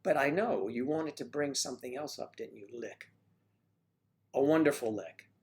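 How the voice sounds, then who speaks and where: Male livestream host, mid-pitched, loose jokey rambler, talking from home. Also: normal speed. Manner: chatty, joking, drifting between topics. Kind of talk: casual rambling chat.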